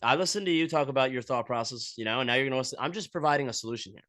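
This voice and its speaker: A man hosting a podcast with a crude, animated comedic ramble, acting out little scenes as he goes. His voice is bright and forward. It is recorded close and dry, with no room sound. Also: medium pitch, rapid-fire, dry recording. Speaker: podcast host. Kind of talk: casual comedic monologue.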